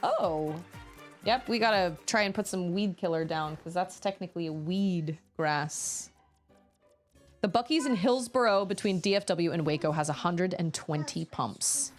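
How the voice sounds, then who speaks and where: A woman's voice: fairly low pitch, a little slow, soft background music. A woman streaming a video game, chatting in a rambling, exclamatory way while she plays. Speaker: gaming streamer. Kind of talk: casual chat while playing.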